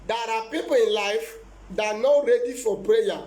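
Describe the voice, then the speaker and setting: A man's voice: very high voice, moderate pace, a little mellow, roomy sound. A man preaching as a prophet in a live-streamed sermon, emphatic and repetitive, often breaking into laughter.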